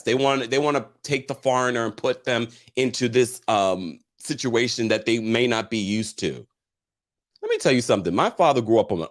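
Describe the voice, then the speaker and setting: Reading out viewer comments and laughing often, a host runs a casual, chatty, animated reality TV recap. He speaks at a medium pitch.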